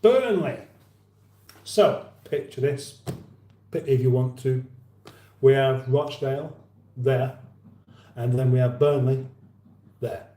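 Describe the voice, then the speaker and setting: A man from England hosts a relaxed livestream, rambling drily as he reads viewers' comments. His medium-pitched, mellow voice moves slowly with fairly even intonation and frequent pauses, against a roomy echo.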